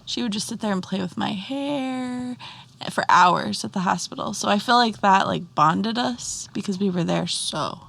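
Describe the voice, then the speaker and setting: Gravelly-voiced chatty mom podcaster. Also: female voice, medium pitch, normal speed, fairly bright tone. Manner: chatty storytelling with frequent "like" fillers. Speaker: podcast co-host and mother. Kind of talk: casual chat.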